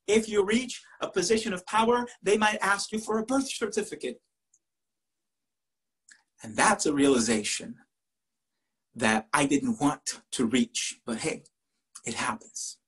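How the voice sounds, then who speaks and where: A Spanish-speaking man from Puerto Rico with a Puerto Rican accent, a teacher telling animated personal stories and slipping into voices. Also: sits high. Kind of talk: storytelling talk.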